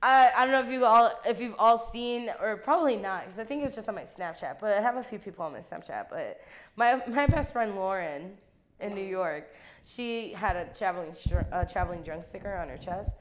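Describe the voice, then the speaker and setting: A young woman co-hosting a podcast in casual chat, an animated storyteller who swears freely and laughs mid-sentence. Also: medium pitch, a little fast. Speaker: podcast co-host.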